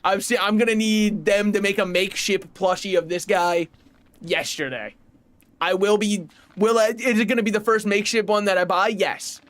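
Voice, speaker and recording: A man in his twenties talking casually while streaming a game, animated and laughing, swearing and rambling off on tangents, on a desk mic at home. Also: sits high, normal speed, no room sound. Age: 20s. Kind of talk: casual gaming livestream chat.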